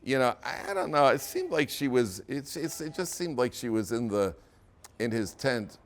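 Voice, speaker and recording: A man's voice: mid-range voice, expressive, normal speed, close to an everyday voice. A man playing a scheming gossip who keeps pretending he shouldn't speak, stammering and trailing off. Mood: insinuating. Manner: hesitant, stammering, coy. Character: scheming man spreading gossip, feigning reluctance.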